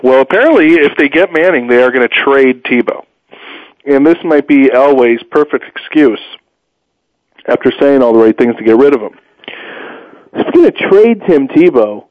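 A man hosting a solo sports talk show, opinionated and rambling, with sudden pitch jumps and a tired edge. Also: dry recording. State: tired, low energy. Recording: dull muffled dry sound.

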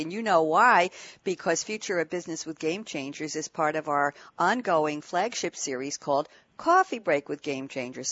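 An upbeat woman hosts a radio panel with a slightly low voice and a playful manner. The sound is close and dry, with a slightly dull remote quality. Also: dry recording. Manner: upbeat, playful, with frequent laughs. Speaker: radio show host. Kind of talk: lively hosted panel talk.

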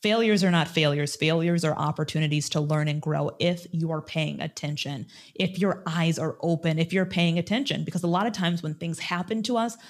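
A woman's voice: sits low, a little fast, hardly any pauses. A middle-aged woman, a former TV news host, telling a personal story with animation and acting out the dialogue. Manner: animated, acts out quoted dialogue.

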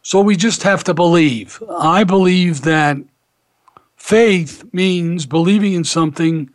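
A man's voice: on the high side, no room sound. Man telling a story on radio, dry sound. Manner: warm anecdotal storyteller, animated when quoting others. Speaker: rabbi and radio show host. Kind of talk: casual radio talk and storytelling.

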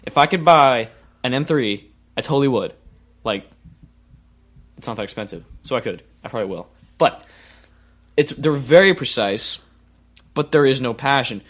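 A man's voice: medium pitch, moderate pace. A man co-hosting a casual podcast chat, speaking into a close mic. He is pushy with his partner and rambles, often stumbling and restarting his sentences as he thinks aloud. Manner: rambling, pushy, restarts and stutters when excited. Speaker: podcast co-host.

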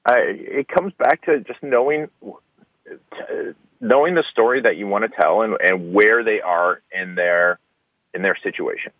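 A man with a fairly low voice chats casually as an interview guest, slipping into quoted dialogue as he tells his stories. The recording is dry and a bit dull, as if made over a lo-fi connection. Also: a little slow, dry recording. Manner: animated storyteller, acts out quoted dialogue. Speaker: guest, keynote speaker.

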